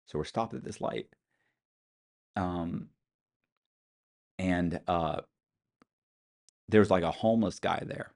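A middle-aged man, an interview guest, telling stories in a casual, animated way, acting out what people said and swearing now and then. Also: low voice. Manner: animated storyteller, acts out quotes, curses casually. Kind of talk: casual storytelling.

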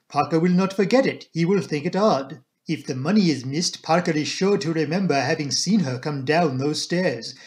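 A man's voice: a little high, darkish tone, natural voice. A man doing a fussy, precise Belgian detective. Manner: precise, sprinkled with French phrases. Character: fussy, shrewd older Belgian male detective.

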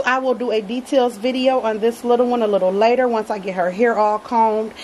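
A woman's voice: a little high, fairly even intonation, fairly quick, hardly any pauses, a little mellow, slight background noise, poor audio. A woman chatting casually to her viewers in a home nursery as she unboxes a doll, gushing and affectionate and often calling them y'all. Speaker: reborn doll collector vlogger.

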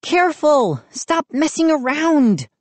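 A bossy, sensible young girl, as a woman puts her on in a spooky storybook. She scolds in a sharp, very high voice. Her pitch leaps about as she warns. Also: sing-song, slow, no room sound, exaggerated voice. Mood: scolding.

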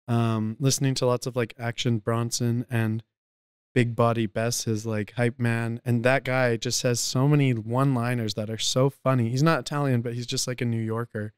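Laid-back young guy with a crisp voice. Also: mid-range voice, flat delivery, normal speed, no echo, studio quality. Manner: laid-back, rambling, with filler words and laughs. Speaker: podcast guest, filmmaker. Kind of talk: casual podcast chat.

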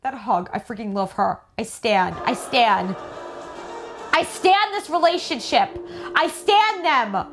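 A woman hosting a reaction video, casual and excitable, gushing and swearing lightly. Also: fairly high pitch, takes it slowly, music in the background.

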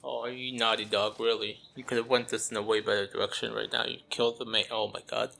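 A man's voice: lowish voice, flat delivery, quick pace, vocal fry, bright, forceful tone. A young man doing gameplay commentary, groaning and muttering his exasperated reactions. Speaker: gameplay streamer.

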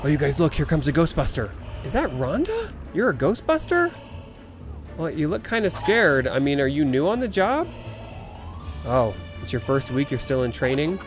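A man hosting a playful game playthrough, telling the story in an excitable, dramatic way full of gasps. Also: fairly high pitch, moderate pace, soft background music. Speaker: let's play host. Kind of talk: playful let's play narration.

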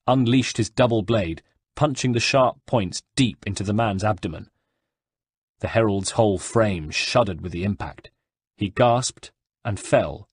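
Man, audiobook narration, husky, measured, close mic, dry sound. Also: fairly low pitch, no room sound. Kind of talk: scripted narration.

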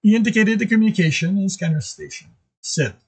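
A man's voice: a little high, expressive, moderate pace, a little mellow, slightly rough, poor audio. A man reading a chapter of his own novel aloud, casual, with occasional stumbles.

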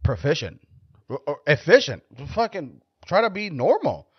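A man's voice: a little high, wildly swooping pitch, normal speed, husky, dry recording. A man hosting his own show, talking in a casual, rambling monologue that is blunt, profane and joking. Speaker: podcast host. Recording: dull, dry lo-fi recording.

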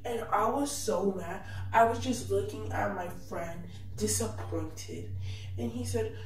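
A woman tells a personal story at an unhurried pace, in a plain, matter-of-fact way. She is recorded from a distance in an echoey room. Faint hiss sits under her voice. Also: medium pitch. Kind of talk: casual storytime narration.

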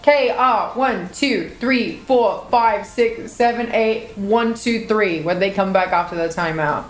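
A woman's voice: mid-range voice, takes it slowly. Rowdy woman streamer, roomy sound. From United Kingdom. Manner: loud, swearing, laughing, teasing chat. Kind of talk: casual live-stream chat reading viewer messages.

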